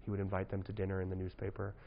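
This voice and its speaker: Gravelly man preaching casually to youth. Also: low-pitched, monotone, rapid-fire, highs cut off, slight background noise. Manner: conversational, joking, frequent "right?" asides. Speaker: youth pastor. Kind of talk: casual sermon to young people.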